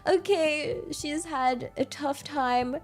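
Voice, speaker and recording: A young woman from England with an English accent, chatting casually on a livestream in a bubbly, excitable and giggly way. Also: high-pitched, slow, faint music behind. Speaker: streamer.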